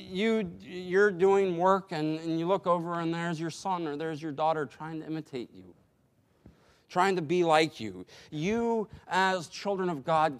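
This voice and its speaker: Male pastor, measured sermon delivery, higher-pitched, unhurried pace. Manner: slow, deliberate preaching with emphatic pauses.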